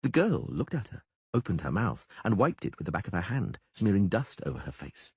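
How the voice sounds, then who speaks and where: A man reading an audiobook, his voice low and husky, with pitch moving widely. The sound is close and dry, with no room around it. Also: a little fast, dry recording. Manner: expressive storytelling. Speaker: audiobook narrator. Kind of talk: audiobook narration.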